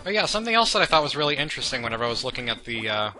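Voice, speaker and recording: A young man with a medium-pitched voice races through meandering, self-deprecating let's play commentary, his pitch swinging widely and his tone pushed and bright. He drifts into chatty tangents over the gameplay, with game music playing beneath him.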